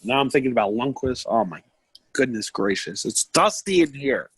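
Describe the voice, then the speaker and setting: A man's voice: mid-range voice, animated, normal speed, breathy edge, no echo. Rambly young man recorded dry. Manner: rambling, emotional, jokey storytelling. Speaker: podcast co-host. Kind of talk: casual podcast chat. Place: basement.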